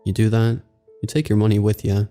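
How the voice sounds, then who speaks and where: A man voicing a gruff mover who talks in a blunt, dismissive way. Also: lowish voice, fairly even intonation, a little fast, dark tone, soft background music, natural voice.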